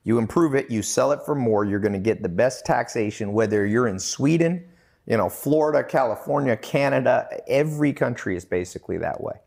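A man's voice: medium pitch, lively intonation, vocal fry, darkish tone. A man hosting an interview, asking pointed questions and laying out his points emphatically. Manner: emphatic, list-making, quick interjections. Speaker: podcast host, interviewer. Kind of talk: casual interview.

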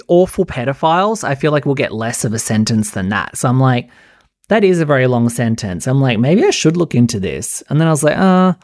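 A man's voice: mid-range voice, no room sound, studio quality. A man hosting a podcast, chatting casually and sarcastically about reality TV with a constant stream of "like". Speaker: podcast host. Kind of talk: casual solo pop-culture commentary.

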